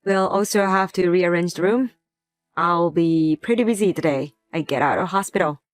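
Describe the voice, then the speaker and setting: A woman playing a young wife who uses a wheelchair, speaking in a gentle, pleading way in a scripted drama. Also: on the low side, moderate pace, dry recording, natural voice. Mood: calm. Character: young wife in a wheelchair, hurt but patient.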